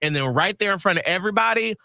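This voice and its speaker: A man's voice: high voice, lively intonation, racing, gravelly, pushed and bright, no room sound, clean studio sound. A man co-hosting a radio show, telling stories and teasing in casual chat. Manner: playful, teasing storyteller.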